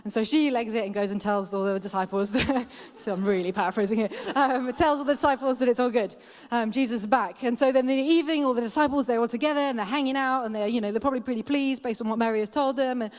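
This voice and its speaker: A woman's voice: a little high, quick pace, few pauses. Chatty woman preaching in a hall. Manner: chatty and humorous, laughs often. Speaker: guest preacher. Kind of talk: casual sermon. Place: church hall. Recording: echoey church hall.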